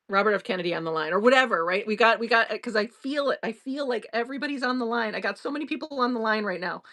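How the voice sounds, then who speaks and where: A woman's voice: fairly high pitch, fairly bright tone. Earnest, rambling woman host. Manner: rambling, earnest and reassuring, with frequent restarts and laughs. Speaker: podcast host. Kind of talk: improvised casual monologue.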